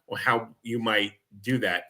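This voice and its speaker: A man's voice: fairly low pitch, unhurried, sharp tone. A man with an American accent, co-hosting a morning talk show, speaking in earnest, enthusiastic casual chat.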